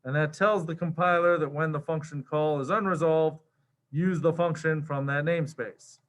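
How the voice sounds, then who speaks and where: Male coding instructor: relaxed and slangy with lots of fillers, voice a touch higher than most men. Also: normal speed. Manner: casual and slangy, with many fillers. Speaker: programming instructor. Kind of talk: screen-share coding lecture.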